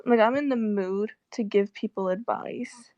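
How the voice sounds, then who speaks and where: A woman's voice: mid-range voice, unhurried, mellow, dry recording, highs cut off. Young woman vlogger, sweary and rambling. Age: young adult. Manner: swearing, rambling, with sarcastic asides. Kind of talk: casual chat.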